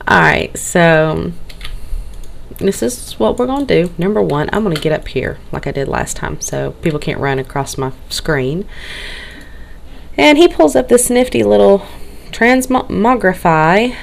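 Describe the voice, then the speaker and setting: A woman's voice: on the low side, expressive, unhurried, vocal fry, slight background noise. A woman with a Southern US accent, tired and a bit nervous, rambling and getting tongue-tied as she talks through a game feature in a casual walkthrough. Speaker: game tutorial narrator. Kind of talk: casual screen-recorded walkthrough.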